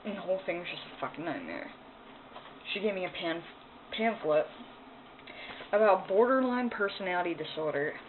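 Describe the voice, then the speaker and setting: A woman's voice: on the low side, big pitch swings, normal speed, pauses often. A woman ranting in a personal vlog, angry, upset and emotional, swearing as she talks. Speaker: vlogger. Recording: tinny phone-like sound, faint noise.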